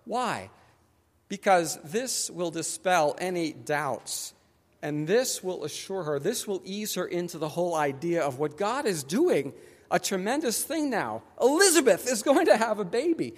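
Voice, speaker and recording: A man delivers a sermon with a high, animated voice that leaps across a wide range. He speaks conversationally and puts on quick voices for the people in his story. A long reverb trails behind him in the church. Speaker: pastor. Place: church sanctuary.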